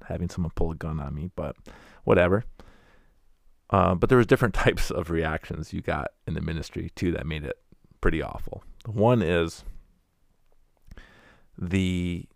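A man's voice: low voice, creaky, no room sound, studio quality. A man telling wry, candid stories about going door to door as a preacher, acting out the people he met. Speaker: former door-to-door preacher telling his story. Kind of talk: casual storytelling monologue.

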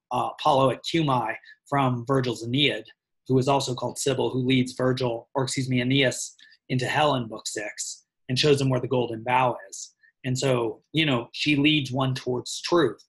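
A man talks through ideas in a relaxed podcast chat, voice sitting at an ordinary middle pitch. He is thoughtful and wanders from point to point, chuckling now and then. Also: low-quality recording. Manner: thoughtful, digressive, chuckles often. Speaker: podcast co-host. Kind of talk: casual book discussion.

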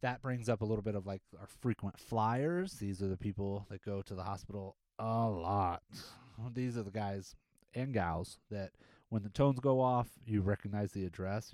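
A man's voice: on the low side, moderate pace, dry recording. A man, a firefighter hosting a podcast, telling stories in a rambling casual monologue and acting out the quotes. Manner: rambling, animated storytelling with acted-out quotes.

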